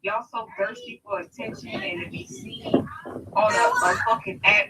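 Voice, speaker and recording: A woman in a video clip scolds and lectures. Her pitch is fairly high and swings widely. She sounds distant from the mic, and clear noise runs behind her. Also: huge pitch swings, moderate pace. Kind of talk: social media rant.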